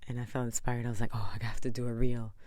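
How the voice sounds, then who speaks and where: A woman talking to camera in a casual motivational vlog, earnest and inspirational, sometimes dropping into soft whispers. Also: a bass voice, little pitch movement, quick pace, no echo. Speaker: vlogger.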